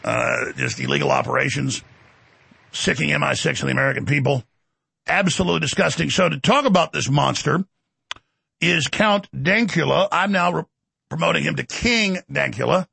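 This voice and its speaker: A man's voice: a little high, lively intonation, gravelly, bright, forceful tone, slightly rough, no echo. A middle-aged man hosting a talk show, delivering a heated, mocking political monologue. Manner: fast, heated, mocking rant.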